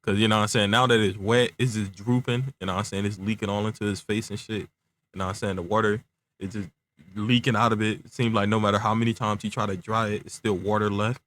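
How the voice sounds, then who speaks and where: Young male storyteller, low-pitched, relaxed and rambling, slightly stumbling speech from aligners. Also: quick pace. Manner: laid-back slang, constant filler phrases, stuttering. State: talking around clear aligners. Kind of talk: casual improvised storytelling.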